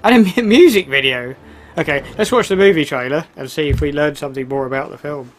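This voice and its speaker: A man's voice: a little high, fairly quick, slight background noise. A man giving casual, wry commentary while starting a video game, with sarcastic asides. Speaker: let's play host.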